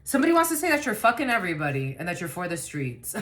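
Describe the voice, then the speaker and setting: A woman's voice: fairly low pitch, sing-song, a little fast, few pauses, pushed and bright. A woman giving a collective tarot reading to camera, blunt and rambling, swearing freely and laughing often. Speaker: tarot card reader.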